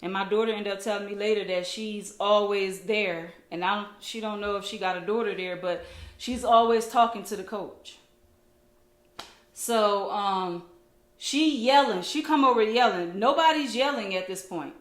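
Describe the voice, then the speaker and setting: A woman, a single mom, telling a story to camera in a blunt, animated way. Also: medium pitch, moderate pace. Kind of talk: casual storytime monologue. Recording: echoey room.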